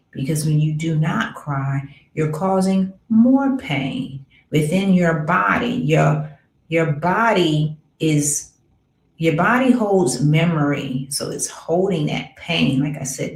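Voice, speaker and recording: A woman with a low voice hosts a healing podcast, talking slowly and earnestly. She repeats her points for weight, calls listeners dear ones and sometimes sinks into a whisper. The sound is roomy and echoey. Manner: drops to soft whispers on key words. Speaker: podcast host, spiritual healer. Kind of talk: slow, earnest spiritual talk.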